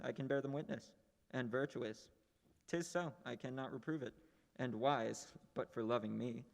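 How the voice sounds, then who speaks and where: A man playing a gravelly proud young nobleman. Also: a little high. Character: proud witty young nobleman, musing alone. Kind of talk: stage play performance. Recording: reverberant hall.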